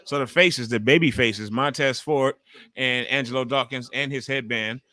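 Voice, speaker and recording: Excitable chatty man, bright voice. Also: medium pitch, moderate pace, no echo, clean studio sound. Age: 40s. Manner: loud, excitable, chatty with viewers, swears freely. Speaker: livestream host. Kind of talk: casual live wrestling watch-along commentary.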